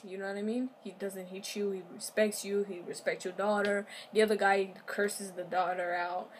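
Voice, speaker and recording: A young woman vlogger telling a story in a casual, animated way, talking straight to her viewers. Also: mid-range voice, moderate pace, hardly any pauses, background noise. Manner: animated, chatty, addresses viewers directly.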